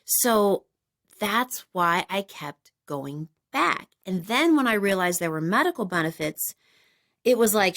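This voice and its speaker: A woman in her forties hosting a casual chat, telling a funny story and jumping up high when she acts out what people said. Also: moderate pace. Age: 40s. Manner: animated, acts out quoted voices in high bursts. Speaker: podcast host.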